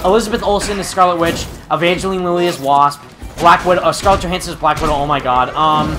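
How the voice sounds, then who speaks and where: A man's voice: fairly high pitch, fast. A young man hosting a gaming channel, chatting casually and rambling with lots of fillers and restarts, and he has the hiccups. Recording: music playing behind.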